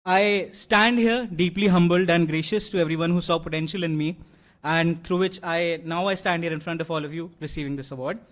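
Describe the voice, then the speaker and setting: Speaking fairly quickly in a steady, somewhat high and bright voice, a young man addresses a large convocation hall as an award-winning graduate. His earnest speech is marked by many fillers and restarts.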